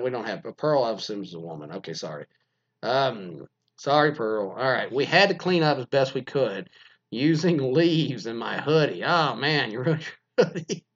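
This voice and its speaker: A man's voice: medium pitch, lo-fi sound. A man hosting a podcast, chatting casually in a crude, joking, meandering way with lots of fillers. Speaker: podcast host reading listener stories. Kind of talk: casual rambling chat.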